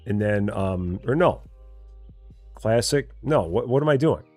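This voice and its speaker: A middle-aged man with a low voice that swings up and down a lot talks through a game, muttering to himself and calling out to his chat. Faint music plays behind him. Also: animated, unhurried, a little mellow, no room sound. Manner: talks to himself, chatty, reads viewer chat aloud. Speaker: game streamer. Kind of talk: casual live gameplay commentary.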